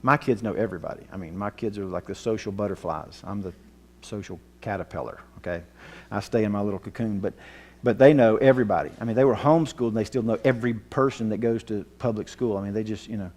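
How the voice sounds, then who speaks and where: A man telling a personal story in a sermon, earnest and emotional, his voice dropping low at the tense moments. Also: quick pace, hardly any pauses, darkish tone. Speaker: Bible teacher.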